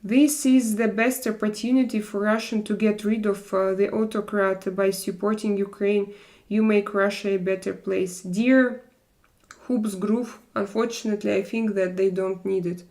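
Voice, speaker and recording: Gravelly-voiced woman hosting a live chat. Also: medium pitch, fairly even intonation, darkish tone. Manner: earnest, measured, answers viewers by name. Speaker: live stream host. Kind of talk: casual live chat reading viewer comments.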